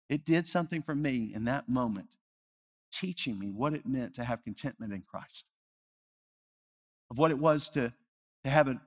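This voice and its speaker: A male pastor preaching a sermon, earnest, rising to loud emphasis and dropping to hushed, slow repetition. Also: mid-range voice. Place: church sanctuary. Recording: reverberant church hall.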